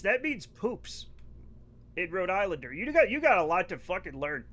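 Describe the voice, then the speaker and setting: A middle-aged man from the United States, streaming live and joking loudly with his chat as he rants about pronunciation. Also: sits high, sing-song, normal speed.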